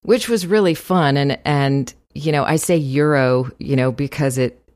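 A woman's voice: extremely low pitch, a little slow, darkish tone, no echo. A woman voice actress chatting in an interview, talkative and laughing often, with many fillers. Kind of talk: casual interview chat.

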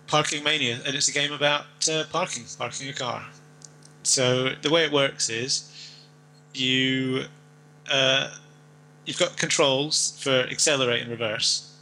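Brief: male podcast co-host, very bright tone, loose rambling banter, faint noise behind. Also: mid-range voice, fairly even intonation, normal speed, poor audio. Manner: rambling, jokey, puts on silly accents. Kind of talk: casual chat.

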